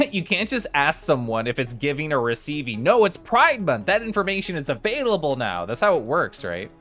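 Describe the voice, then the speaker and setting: Bubbly, lively-voiced male streamer. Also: on the high side, normal speed, soft background music. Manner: chatty and bubbly, with excited exclamations. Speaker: live-streaming artist. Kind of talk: casual stream chat, reading and answering chat.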